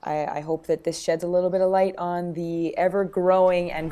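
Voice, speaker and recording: A woman from Canada co-hosts a podcast with a somewhat low voice. She talks in a chatty, casual way, stumbling through restarts and fillers as she goes. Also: little pitch movement, moderate pace, mellow, faint music behind. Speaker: podcast co-host.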